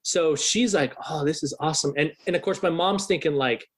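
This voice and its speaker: Man, thirties, podcast guest, slightly high voice, casual swearing storyteller. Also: a little fast. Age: 30s. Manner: swears freely, animated retelling.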